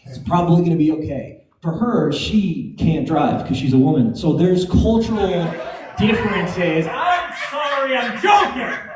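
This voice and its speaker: Joking stand-up comedian in an echoey club. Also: male voice, sits high, expressive, unhurried. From Greek heritage. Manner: loose, joking, crowd work with laughing asides.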